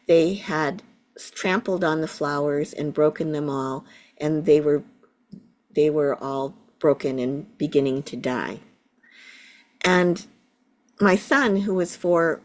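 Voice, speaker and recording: A middle-aged woman, a Buddhist teacher, gently telling a personal story in an interview. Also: deep voice. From United States. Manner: slow, gentle, reflective storytelling.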